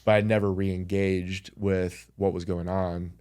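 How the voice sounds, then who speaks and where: Male guest, very low voice, earnest reflective chat. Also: flat delivery, measured pace, dark tone, clear, resonant tone. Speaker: podcast guest. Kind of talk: casual conversation.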